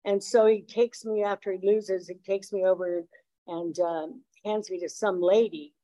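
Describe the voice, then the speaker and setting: A woman's voice: medium pitch, steady tone, a little slow, warm tone, low-quality recording. A middle-aged woman from Los Angeles sharing her recovery story at a meeting, blunt and streetwise, with lots of fillers. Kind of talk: personal recovery share.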